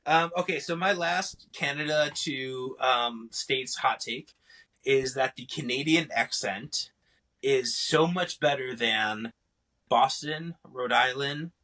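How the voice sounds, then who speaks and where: A man's voice: mid-range voice, slow pace, pushed and bright, rough recording. A young man hosting a casual podcast chat, joking and teasing his guests and swearing casually. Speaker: podcast host.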